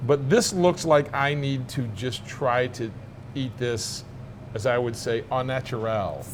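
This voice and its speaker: A man's voice: mid-range voice, takes it slowly, a little hiss or hum. A middle-aged man hosting a casual food-tasting chat in a restaurant, talking in a chatty, jokey way with many stammered restarts. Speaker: news show host.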